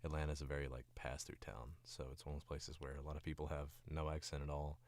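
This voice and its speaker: A man with an extremely low voice talks in a loose, rambling way, worn out and sick. He sits right up on the mic. The sound is dry and close, with no room around it. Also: level tone, quick pace, a little mellow, dry recording. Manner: rambling, laid-back, swears casually. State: tired and sick. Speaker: voice actor streaming. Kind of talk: casual stream chat.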